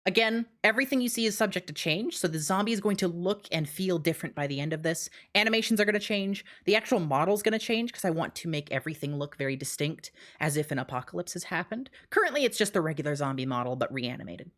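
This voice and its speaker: Out of breath and laughing between phrases, a young woman rushes through an excited live-stream walkthrough of her game mode. Her voice sits fairly low in pitch.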